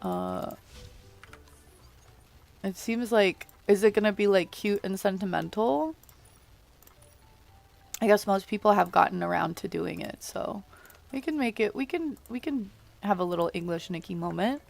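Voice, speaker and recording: Raspy just-woke-up woman streamer. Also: mid-range voice, lively intonation, unhurried, long pauses. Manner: rambling, many fillers and restarts. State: groggy morning voice, just woke up. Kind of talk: casual livestream chat with viewers.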